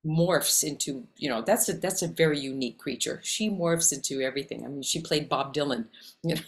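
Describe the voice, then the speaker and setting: Animated Canadian actress in conversation. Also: female voice, deep voice. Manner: animated, talks in quick lists. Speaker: actress and acting coach, guest. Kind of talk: casual interview conversation.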